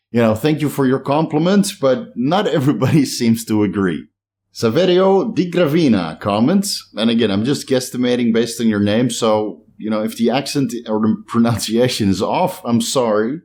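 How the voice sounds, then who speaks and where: A man's voice: fairly low pitch, darkish tone. A middle-aged man with a slight Dutch accent, chatting casually to camera as he reads out and answers viewer comments. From Netherlands. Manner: rambling, chatty, self-deprecating. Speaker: bodybuilding channel host. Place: home in a hot climate.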